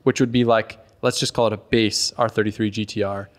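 A man's voice: fairly low pitch, little pitch movement, a little fast. A man talking as a podcast guest, explaining in a thoughtful, hedging way and repeating words as he goes. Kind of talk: casual chat.

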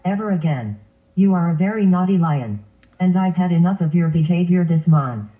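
A man voicing a stern male lion who scolds in a flat, stiff way. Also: sits high, moderate pace. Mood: scolding. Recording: tinny phone-like sound.

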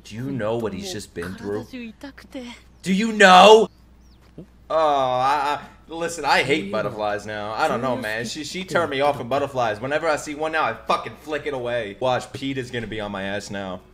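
A man streaming his reaction to an anime, excitable and profane, laughing and shouting at the screen. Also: mid-range voice, fairly quick, few pauses. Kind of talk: casual reaction commentary. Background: anime soundtrack music playing.

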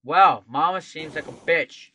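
A man giving casual, profane game commentary, swinging into sudden loud outbursts. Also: on the high side, measured pace, slight background noise. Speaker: gameplay commentator.

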